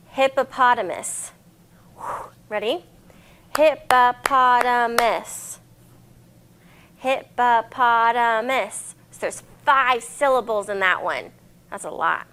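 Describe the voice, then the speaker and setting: A woman's voice: mid-range voice, animated, a little slow, long pauses, bright, forceful tone. A young woman librarian leading a cheerful, encouraging children's lesson on poetry and syllables.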